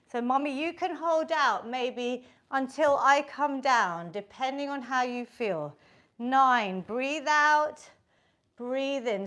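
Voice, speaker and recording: High-voiced, unhurried woman fitness instructor. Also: fairly bright tone. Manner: encouraging, counts reps aloud. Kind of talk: live online workout instruction.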